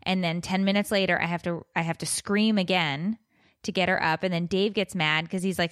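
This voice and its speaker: A woman's voice: fairly low pitch, a little fast, no echo. Exasperated woman podcast co-host, dry sound. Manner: joking, exasperated, animated storytelling. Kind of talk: casual chat.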